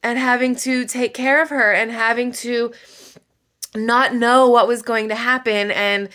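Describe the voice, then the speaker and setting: A woman's voice: fairly high pitch, fairly even intonation, unhurried, bright, forceful tone. Woman, casual book vlog, emotional, rambling, fillers, makeup chat. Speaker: book vlogger. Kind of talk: casual book review while doing makeup.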